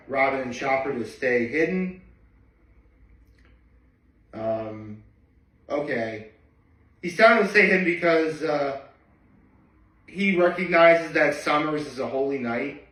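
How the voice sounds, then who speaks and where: A man casually reading through a manga chapter and reacting as he goes, chatty and excitable. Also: mid-range voice, echoey room, distant mic, rough recording. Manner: chatty, excitable, reads lines in quick voices.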